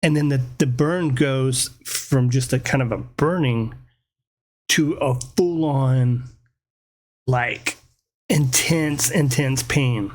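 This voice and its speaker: Middle-aged guy on a podcast, slow drawn-out delivery, acts out the scary bits. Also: medium pitch. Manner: animated, acts out screams and voices in his story. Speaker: podcast host. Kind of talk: casual storytelling.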